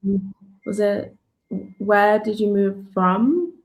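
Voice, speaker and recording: A woman in casual conversation who speaks thoughtfully and hesitantly, with many pauses and fillers. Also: mid-range voice, faint music behind. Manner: thoughtful, hesitant, full of ums and likes.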